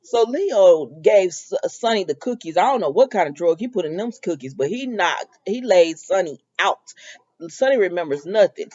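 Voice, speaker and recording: Give me a chatty woman recapping a soap, mellow and a bit muffled. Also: fairly low pitch, moderate pace. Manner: animated storytelling, sassy asides to characters. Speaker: soap opera recap vlogger. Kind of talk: casual recap with quoted dialogue.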